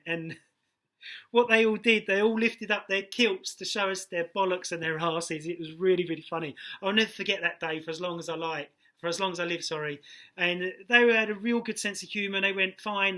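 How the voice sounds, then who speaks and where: A middle-aged man with a London accent rambles through doorman stories, swearing freely. His voice sits a little high and rings bright. He jumps from one tale to the next like he is chatting with a mate. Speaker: personal trainer, former doorman. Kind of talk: casual storytelling to camera.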